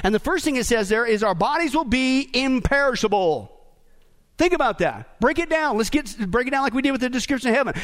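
High-voiced man preaching with call-and-response. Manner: call-and-response questions to the congregation; animated, humorous preaching. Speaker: pastor. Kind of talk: sermon.

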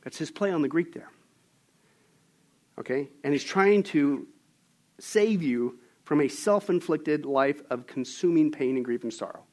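A man preaching a sermon, emphatic and animated as he tells stories. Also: on the high side, a little slow. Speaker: pastor.

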